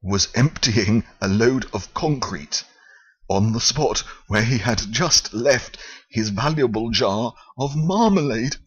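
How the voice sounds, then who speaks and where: A man reading a children's story aloud, halting at times and explaining old-fashioned words. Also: lowish voice, fairly bright tone, slightly rough, muffled recording. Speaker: reader.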